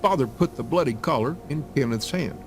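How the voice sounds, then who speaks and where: Expressive male story-game narrator. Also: mid-range voice, a little fast, faint music behind. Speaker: let's play narrator. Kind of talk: reading a story game aloud.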